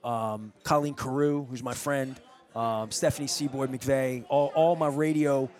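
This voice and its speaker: A man's voice: mid-range voice, steady tone, measured pace, darkish tone. A middle-aged man hosting a radio interview in a restaurant, telling a long story in a loose, rambling way with many restarts. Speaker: radio host. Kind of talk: casual interview chat.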